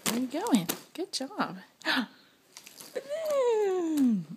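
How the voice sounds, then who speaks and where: A young mother with a high, bouncy voice speaks slowly in coaxing baby talk, praising her little one. It sounds like a home camcorder clip with plenty of background noise. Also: wildly swooping pitch. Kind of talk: home video, talking to a baby.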